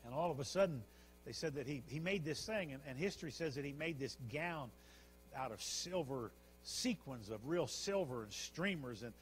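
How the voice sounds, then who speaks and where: A man pastor preaching a sermon, telling the story with animated repetitions. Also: mid-range voice, normal speed, a little hiss or hum. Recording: long church hall reverb.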